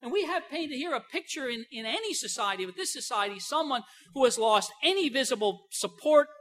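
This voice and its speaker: An older woman delivering a sermon in a bright, fairly high voice. She preaches emphatically, drawing key phrases out slowly and moving between quiet asides and loud stresses. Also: animated.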